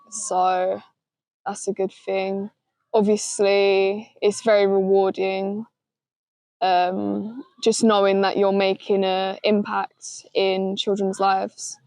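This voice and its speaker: Slow, flat-voiced woman club worker. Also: medium pitch, no echo. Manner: thoughtful, hesitant. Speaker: holiday club staff member. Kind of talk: casual interview.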